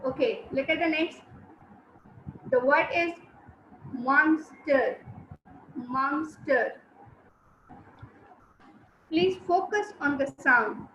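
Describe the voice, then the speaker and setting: A woman teacher, giving an online class, repeating words and syllables slowly and giving brisk commands to students. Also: high-pitched, fairly bright tone, a little hiss or hum. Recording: roomy, slightly dull sound.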